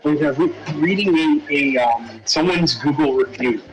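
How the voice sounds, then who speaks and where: A man co-hosting a casual podcast, talking haltingly with many pauses and filler words. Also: fairly high pitch, soft background music, rough recording. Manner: halting, full of fillers and restarts. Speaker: podcast co-host. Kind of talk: casual conversation.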